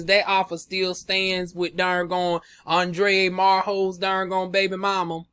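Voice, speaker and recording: A sassy, flamboyant young man dishes celebrity gossip to his viewers in a high, lively voice. His tone is bright and sharp, and the recording is dry and close, with no room sound at all. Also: a little slow, clear, resonant tone, no room sound. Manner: sassy and flamboyant, full of "honey" and drawled asides. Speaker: gossip vlogger. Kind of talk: casual gossip commentary.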